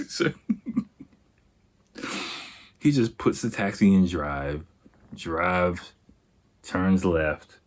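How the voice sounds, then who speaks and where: Young guy podcaster telling a wild story, low voice but super animated, laughs a lot. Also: measured pace, pauses often, slightly rough. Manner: animated, laughs often, acts out quotes. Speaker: podcast host. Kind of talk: casual storytelling.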